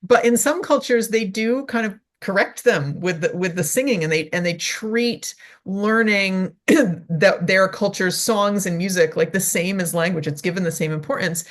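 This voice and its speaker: A woman violist and researcher, a guest in a casual interview, explaining research in an animated, chatty way with many "like"s and "right?"s. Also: medium pitch, normal speed.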